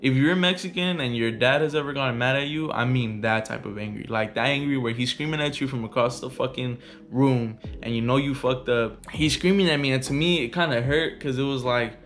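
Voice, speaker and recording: A man's voice: medium pitch, a little fast, a bit bright, faint music behind. A young man vlogging a heated, profane storytime rant in casual slang.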